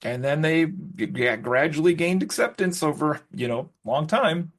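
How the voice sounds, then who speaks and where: A man's voice: animated, normal speed, fairly bright tone. A man co-hosting a podcast in casual chat, rambling with lots of likes and restarts. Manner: rises high when mimicking others. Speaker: podcast co-host.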